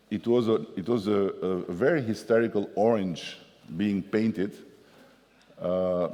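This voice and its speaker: A man with an Albanian accent, a politician telling lively anecdotes and acting out the people he quotes as a guest at a forum. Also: sits low. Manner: animated storyteller, acts out the people he quotes. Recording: long reverb of a conference hall.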